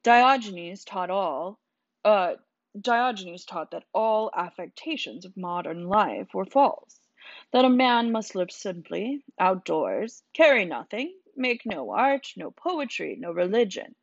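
A woman voicing a huge, wild village idiot who turns out to be a calm philosopher, speaking slowly and bluntly. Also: mid-range voice, no room sound. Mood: calm, preaching. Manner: slow, simple, blunt speech. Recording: dull, dry sound.

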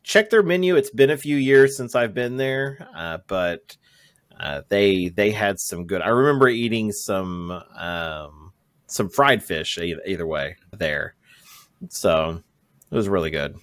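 A man hosting a podcast in casual chat, halting and laughing often. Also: sits low, lively intonation, no echo. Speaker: podcast host.

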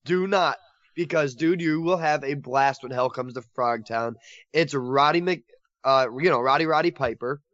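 An excitable man gushes through a casual podcast chat, laughing often. His voice sits at an ordinary middle pitch. The recording is dry and a little dull, like lo-fi audio. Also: moderate pace, dry recording. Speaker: podcast co-host covering horror collectibles.

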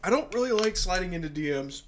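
A man's voice: high voice, lively intonation, fast talker, background noise. A young man co-hosting a casual podcast, groaning and strained from hot sauce while answering questions. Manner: groaning and coughing from hot-sauce pain, then chatty. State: strained from spicy food. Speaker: podcast co-host. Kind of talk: casual chat.

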